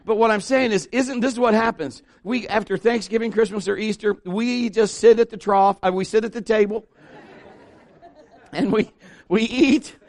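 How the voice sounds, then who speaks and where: A man's voice: high-pitched, normal speed, darkish tone, a faint crowd. A middle-aged man preaching a sermon in church, conversational and joking, with asides to the congregation. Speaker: pastor. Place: church sanctuary.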